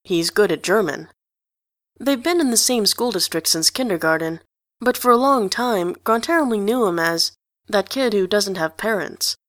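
A woman's voice: mid-range voice, animated, normal speed, no room sound. Woman narrating a story, dry and close. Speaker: audiobook reader.

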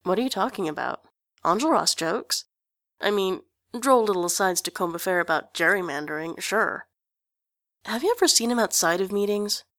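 Soft earnest young guy, gentle but can snap sharp, woman reading him, dry close sound. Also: medium pitch, expressive, normal speed, no echo. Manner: soft-spoken with sudden sharp bursts.

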